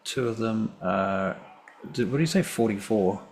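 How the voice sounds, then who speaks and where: A man's voice: fairly low pitch, normal speed, slight background noise. A man running a tabletop game as game master, easygoing and thinking aloud as he tallies dice.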